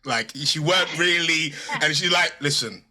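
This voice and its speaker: A playful man hosts a relaxed chat, reading out fan questions between bursts of laughter. His voice sits a touch high and swings lively up and down, with a bright, slightly husky edge. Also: normal speed. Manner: playful, laughs often, teasing. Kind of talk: casual live chat.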